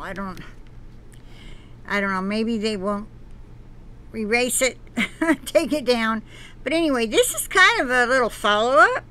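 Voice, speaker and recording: Slow, bright-voiced woman reading aloud. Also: a little high. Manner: earnest, preachy asides between read passages; halting, with restarts. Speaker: channel host. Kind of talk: reading an article aloud with commentary.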